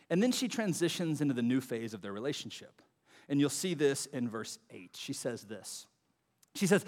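A man with a high voice preaches in a relaxed, chatty way, acting out the lines he quotes. His voice carries a long reverb from a large church hall. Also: moderate pace. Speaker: pastor. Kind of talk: sermon.

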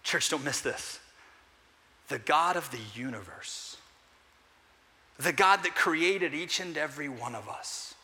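Pastor guy preaching, high bright voice, asks the congregation stuff, long church reverb. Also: expressive. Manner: earnest preaching, rising to emphatic peaks and dropping to quiet pauses. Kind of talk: sermon. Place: church sanctuary.

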